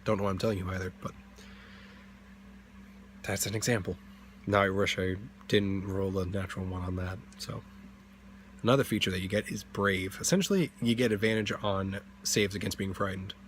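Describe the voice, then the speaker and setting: A young man who hosts a D&D channel chats casually in a low voice at a moderate pace, pausing often and rambling with many fillers and self-corrections. There's slight background noise.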